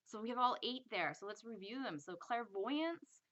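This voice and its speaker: A woman's voice: on the high side, expressive, moderate pace, fairly bright tone, lo-fi sound. A woman giving a casual spiritual lesson, chatty and acting out little inner voices in quotes. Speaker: spiritual teacher. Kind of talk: casual teaching monologue.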